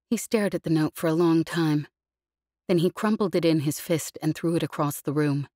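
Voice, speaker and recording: A woman narrating a novel in a measured, even storytelling voice, read close in a studio. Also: sits low, no echo. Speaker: audiobook narrator. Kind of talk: scripted narration.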